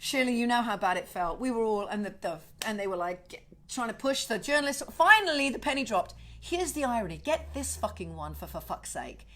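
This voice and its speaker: A middle-aged woman hosting a casual home livestream, telling a story in an indignant, sweary, animated way. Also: on the high side, brisk. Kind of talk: casual chat to viewers.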